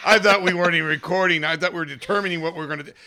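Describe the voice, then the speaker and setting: A man's voice: a little high, fairly even intonation, very fast, bright, forceful tone. A man co-hosting a podcast in casual chat, flustered and swearing with embarrassed laughter. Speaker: podcast co-host.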